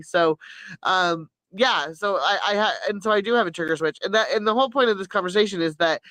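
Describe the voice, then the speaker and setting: A woman's voice: mid-range voice, brisk, a bit bright, dry recording, rough recording. Middle-aged woman streamer rambling and confiding, keeps restarting sentences, dead dry sound. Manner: rambling, frequent restarts and self-corrections. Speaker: YouTube live streamer. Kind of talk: candid personal chat.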